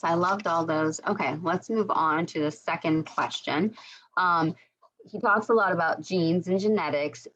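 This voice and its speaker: A woman's voice: sits low, fairly bright tone, lo-fi sound. A woman leading a casual book club discussion over a video call, encouraging the others and asking questions.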